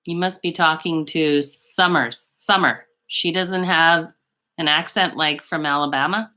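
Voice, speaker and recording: A chatty woman from western Canada, a beauty vlogger, hosts a live stream in a low, bright voice with a steady tone and measured pace. She rambles casually, full of fillers and asides, while reading viewer comments.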